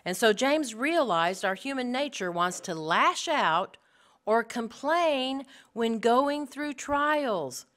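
A middle-aged woman teaching a women's Bible study to a live group, earnest and animated, speaking straight to her listeners. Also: a little high. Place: room with a live audience.

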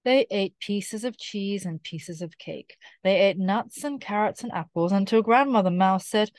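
Woman reading a children's story clearly. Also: medium pitch, no echo, clean studio sound. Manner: clear, careful reading, repeating key phrases slowly. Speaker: storybook reader. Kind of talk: children's story read-aloud.

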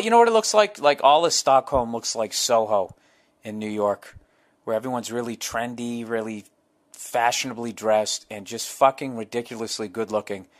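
A middle-aged man, hosting a solo podcast, telling profane, rambling comic stories. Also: lowish voice. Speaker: podcast host.

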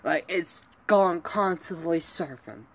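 A man's voice: a little high, takes it slowly, a bit bright, slight background noise. A man venting to his viewers in a vlog, upset and rambling, swearing constantly and apologizing for going off. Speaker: vlogger.

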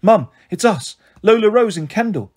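A man's voice: high voice, animated, moderate pace, a little mellow, pitched above the performer's own voice. A man voicing a brave, anxious young girl who pleads and reassures her family.

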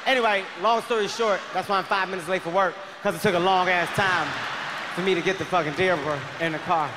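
A man doing stand-up, telling a story in a loud, shouting, animated way. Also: high-pitched, fast talker, a crowd in the background, noisy background. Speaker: stand-up comedian. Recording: live stage in a large reverberant hall.

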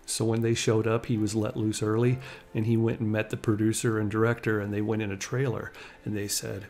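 A man's voice: fairly low pitch, level tone, brisk, darkish tone. A man narrating a life story in a casual, conversational way, retelling anecdotes with small laughs. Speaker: channel host and narrator.

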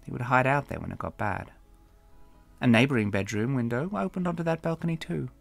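A man narrating his own novel as an audiobook in a wry, expressive storytelling manner. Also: lowish voice, vocal fry, no echo. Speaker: author and narrator.

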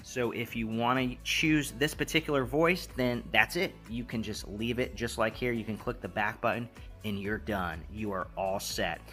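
A man's voice: fairly low pitch, normal speed, fairly bright tone, faint music behind. A man hosting a tech tutorial, giving easygoing, repetitive step-by-step instructions with casual fillers.

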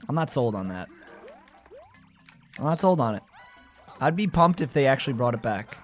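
A man giving live gameplay commentary, joking with his chat and yelling and squealing when things go wrong. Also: mid-range voice, normal speed, faint music behind. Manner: excitable, yells and squeals at game moments. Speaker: gaming streamer.

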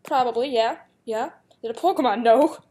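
Young woman, giggly, chatty, slightly high-pitched, casual game commentary. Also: brisk, dark tone. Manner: giggly, chatty, reads questions aloud. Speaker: YouTuber playing a guessing game.

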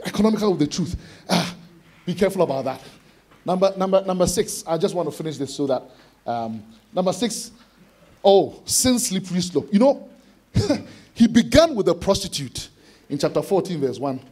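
A man preaching an expository sermon to students, animated, acting out voices with sudden shouted bursts. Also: high voice, moderate pace. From Ghana. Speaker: conference speaker preaching to students.

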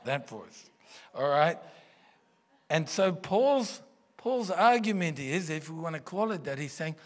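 A man's voice: fairly high pitch, lively intonation, unhurried. A man, preaching a sermon in a church and speaking into a stage microphone in an earnest, conversational way with rhetorical questions. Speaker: pastor. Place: church auditorium.

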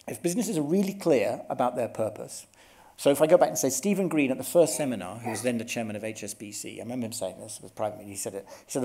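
A man's voice: mid-range voice, quick pace, warm tone. A middle-aged man giving a conference workshop talk in an earnest, explanatory way, often restarting his sentences. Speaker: workshop speaker. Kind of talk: conference presentation.

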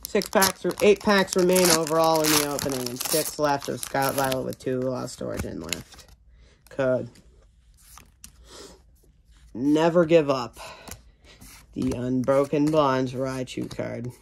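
A man's voice: medium pitch, a little slow, vocal fry, long pauses, background noise. A man casually narrating while he opens trading card packs, rambling and joking to himself and sometimes calling himself by name in the third person. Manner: rambling, jokey self-talk, refers to himself in third person. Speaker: card-opening video host.

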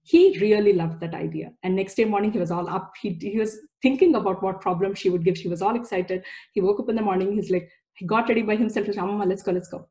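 A woman's voice: mid-range voice, quick pace, mellow. A woman in her forties giving a chatty, anecdote-filled parenting talk, with frequent laughs. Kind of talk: casual presentation talk.

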